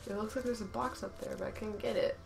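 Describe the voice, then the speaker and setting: A woman's voice: mid-range voice, fairly even intonation, fast, gravelly, background noise. A woman giving casual let's-play commentary, sarcastic, talking back to the game, laughing and yelping often. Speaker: gameplay commentator.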